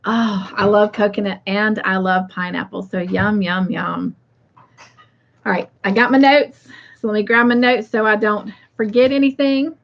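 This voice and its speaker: A woman hosting a crochet livestream, chatting casually and warmly with viewers and often breaking into laughter. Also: mid-range voice, steady tone, normal speed, gravelly, dull audio. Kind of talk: casual chat to live viewers.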